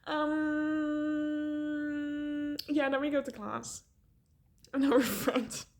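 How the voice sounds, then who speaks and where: A young woman telling a rambling, animated story in a casual vlog, laughing often and swearing. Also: high-pitched, drawn-out words.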